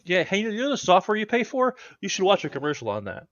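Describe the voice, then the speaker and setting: A man chatting on a livestream, animated and sarcastic in a joking way. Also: high-pitched, normal speed, highs cut off, a little hiss or hum. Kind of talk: casual group chat on a livestream.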